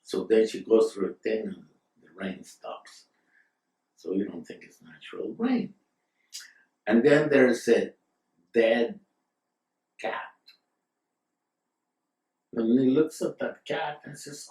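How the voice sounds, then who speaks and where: A man telling a long story at a very slow, unhurried pace, wandering into asides and filling gaps with "uh." His voice sits at a middling pitch and is picked up from across a room, with a noticeable echo. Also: a little mellow. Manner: rambling, digressive, with fillers and asides. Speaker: storyteller, guest. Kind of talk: casual spoken storytelling. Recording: roomy sound from a distant mic.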